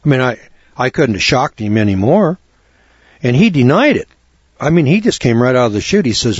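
A man telling a folksy, animated story in a lecture, acting out both sides of a conversation. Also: medium pitch, brisk, breathy edge, no room sound, highs cut off. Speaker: speaker on law and scripture.

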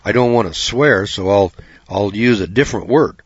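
A man's voice: fairly low pitch, moderate pace, a little hiss or hum. A man giving a folksy, preaching talk, rambling, repeating "you know" and putting questions to his listeners. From United States. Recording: dull dry lo-fi recording.

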